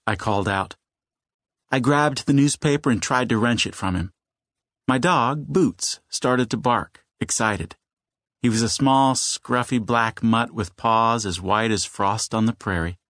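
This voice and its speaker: A man reading a children's novel aloud in measured storytelling, slowing down for suspense. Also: lowish voice, fairly bright tone, dry recording, studio quality. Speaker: audiobook narrator. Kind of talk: scripted children's audiobook narration.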